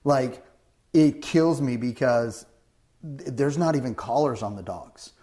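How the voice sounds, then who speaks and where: A man's voice: medium pitch, expressive, measured pace, crowd noise. A man hosting a casual chat, rambling with frequent restarts and acting out what other people say. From Southern California. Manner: rambling, restarts often, acts out quoted people. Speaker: host.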